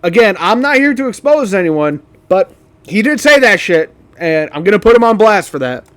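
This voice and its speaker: A high-pitched man, sounding like a casual reaction creator, talks loosely over an old video of his own, full of "um"s and "like"s as he rambles. He laughs easily and swears without a second thought. His voice is a bit bright, swings widely in pitch, and keeps a moderate pace.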